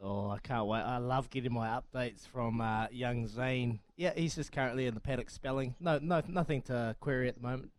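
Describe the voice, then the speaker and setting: A man's voice: medium pitch, steady tone, brisk, few pauses. A man with a New Zealand accent hosting a matey, enthusiastic chat. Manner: matey, enthusiastic, laughs often. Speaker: radio host. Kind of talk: casual chat.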